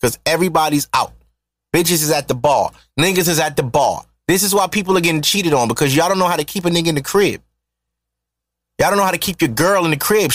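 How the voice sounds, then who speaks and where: Animated, profane man ranting on a podcast. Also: fairly high pitch, no echo. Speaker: podcast host. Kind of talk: solo podcast rant.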